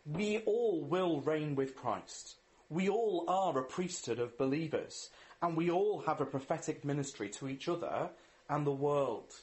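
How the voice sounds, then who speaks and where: Male preacher, slightly high voice, very animated, earnest sermon delivery. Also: a little slow. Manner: earnest, asks rhetorical questions. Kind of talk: sermon with scripture reading and prayer.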